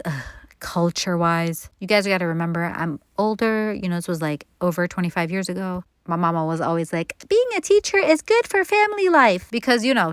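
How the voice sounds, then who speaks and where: A woman's voice: mid-range voice, no echo. Chatty middle aged woman answering viewer questions, candid, acts out quotes, dry sound. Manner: chatty, candid, animated quoting. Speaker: baking channel host. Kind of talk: casual Q&A vlog.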